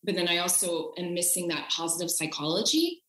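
A woman's voice: lowish voice, very animated, a little fast, fairly bright tone. American woman chatting in an echoey room. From United States. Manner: chatty, frequent fillers and restarts. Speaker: podcast guest. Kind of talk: casual conversation.

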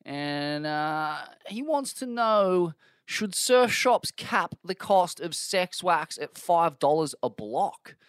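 A man with an Australian accent co-hosting a podcast, telling stories and reading out listener questions in a dry, deadpan way. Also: fairly high pitch, slow pace, clear, resonant tone, dry recording. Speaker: podcast co-host. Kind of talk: casual chat.

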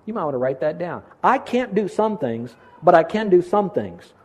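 A man preaching a sermon as pastor, earnest and measured, slowing down to stress key lines. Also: sits high, very animated, darkish tone, breathy edge. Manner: earnest, preacherly, slows down for emphasis.

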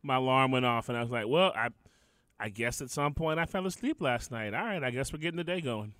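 A man co-hosting a sports talk show, chatting in relaxed banter and laughing easily. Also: medium pitch, a little fast, no room sound, clean studio sound. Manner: relaxed, laughing, talking with a mouthful. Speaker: co-host. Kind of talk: casual banter.

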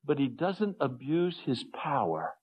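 A man preaching an earnest sermon, dropping to low hushed tones and rising to pleading ones. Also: sing-song, a little slow, slightly rough. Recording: dull lo-fi sermon recording.

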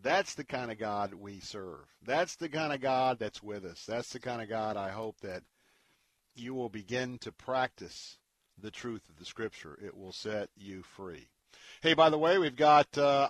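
A man's voice: medium pitch, unhurried, no room sound. Earnest preacherly male radio host. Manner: earnest, preacherly, drops to a hush for stories. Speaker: radio talk show host. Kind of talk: Christian radio devotional talk.

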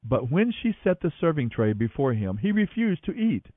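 A man narrating a Bible passage in an expressive, scripted reading as host of a daily reading podcast. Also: on the high side, moderate pace, no echo. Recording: tinny phone-like audio, dry.

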